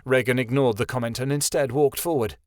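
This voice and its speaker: A man narrates a fantasy novel in a steady, measured storytelling voice. His pitch is middle of the range. The recording is dry and close to the mic. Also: no room sound. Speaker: audiobook narrator. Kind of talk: scripted narration.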